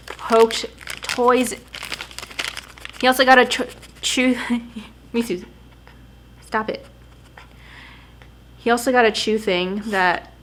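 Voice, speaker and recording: A young woman in her twenties films a casual unboxing vlog at home on a camera mic, often stopping to scold and then praise her puppy. Her voice sits on the high side, with background noise.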